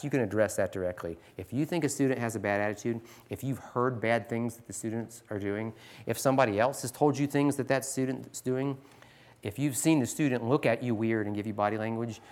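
A man's voice: medium pitch, a little mellow. A man in his forties, a teacher, earnestly teaching other teachers with scripture and stories. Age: 40s. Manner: earnest, pleading, reads scripture aloud.

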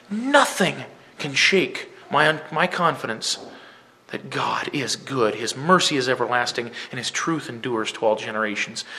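A man teacher giving an earnest inspirational talk to fellow teachers, impassioned and emphatic, dropping from loud to hushed. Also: a little high, a little hiss or hum.

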